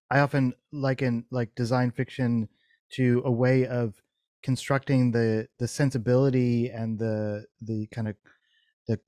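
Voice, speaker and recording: A man's voice: medium pitch, darkish tone, no room sound, studio quality. A man answering an interview question at length, explaining thoughtfully and repeating words as he builds his ideas. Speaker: guest designer.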